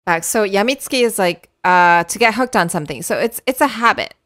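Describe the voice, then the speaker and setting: A woman co-hosting a language podcast as the teacher, explaining gently with frequent giggles. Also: medium pitch, animated, a little fast, no room sound, studio quality. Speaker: Japanese teacher and podcast co-host. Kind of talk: casual language-lesson chat.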